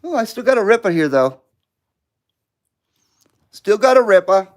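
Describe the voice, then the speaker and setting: A man's voice: high-pitched, sing-song, measured pace. A middle-aged man hosting a live stream, chatting casually, joking and laughing often as he reads comments.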